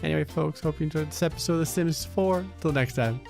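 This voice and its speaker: A man's voice: fast talker, creaky, a little mellow, soft background music. Wry man doing game commentary. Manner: wry, joking narration with sudden high laughing jumps. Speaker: gameplay commentator. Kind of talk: casual let's-play commentary.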